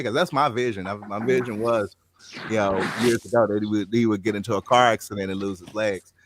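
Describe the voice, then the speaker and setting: Guy hosting a chat show, storytelling, jumps loud when quoting folks, middle pitch. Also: a little fast, no echo. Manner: animated storytelling, acts out quotes loudly. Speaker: show host. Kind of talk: casual chat.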